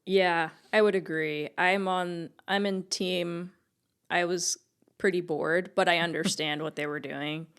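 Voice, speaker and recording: A woman's voice: fairly low pitch, steady tone, a little slow, fairly bright tone, clear, resonant tone. A woman co-hosting a casual podcast, recapping plot in an upbeat way and laughing often. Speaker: podcast co-host.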